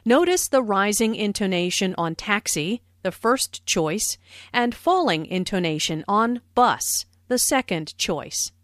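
A woman slowly explaining English phrases in a scripted language lesson. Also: medium pitch, lively intonation, no room sound, clean studio sound. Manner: slow, careful explanation. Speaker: language teacher.

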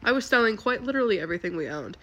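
A woman's voice: medium pitch, animated, a bit bright. A woman telling a casual, chatty story with frequent swearing and laughter. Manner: chatty and profane, quick to laugh.

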